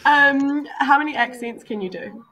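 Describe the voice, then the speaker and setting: A woman hosting a casual chat, upbeat and quick with questions, laughing often. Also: high voice, pushed and bright. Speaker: host.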